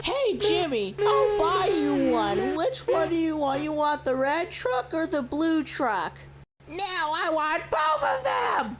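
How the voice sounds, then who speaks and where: A teenage boy voicing over comedy clips in squeaky put-on voices, often screaming. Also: very animated, slow, background noise, heavily acted. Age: teens.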